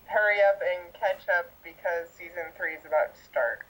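A woman's voice: fairly low pitch, normal speed, fairly bright tone, poor audio. Chatty woman podcast co-host. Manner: brief agreeing replies, chatty. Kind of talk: casual chat recapping a TV episode.

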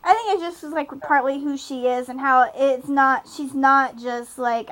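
A woman's voice: high-pitched, moderate pace, fairly bright tone, low-quality recording. A young adult woman co-hosting a casual podcast about a TV show, rambling with lots of fillers and laughs. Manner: rambling, giggly, many fillers. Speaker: podcast co-host. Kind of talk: casual chat recapping a TV episode.

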